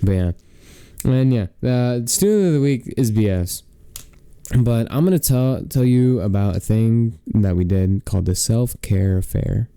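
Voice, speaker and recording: A teenage boy co-hosts a podcast in easy, casual chat. He rambles through stories, pads them with "like" fillers and acts out the people in them. His voice sits very dark and mellow, smooth and resonant, and the sound is dry. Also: fairly low pitch, expressive, unhurried, dry recording. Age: teens. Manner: rambling storytelling, full of "like" fillers. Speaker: podcast co-host.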